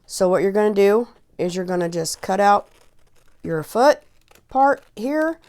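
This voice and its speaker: A woman's voice: mid-range voice, expressive, a little slow, darkish tone. Chatty woman in her forties teaching sewing. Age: 40s. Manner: chatty, rambling, checks in with okay. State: emotional, holding back tears. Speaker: crafting tutorial host. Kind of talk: casual how-to instruction.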